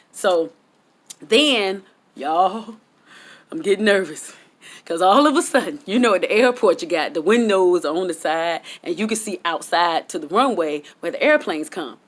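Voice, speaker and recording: Animated woman telling a story straight to viewers. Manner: animated, excitable, jumps way up in pitch on punchlines; chatty Southern US vernacular, talks straight to viewers. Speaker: storytelling vlogger. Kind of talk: casual storytime vlog. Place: at home, outdoors.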